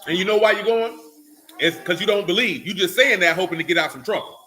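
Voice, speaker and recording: Male Bible teacher, high bright voice, preachy, keeps quizzing the class. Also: quick pace, slight background noise. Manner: preachy, calls out questions to the class. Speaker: teacher leading a Bible study. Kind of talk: sermon.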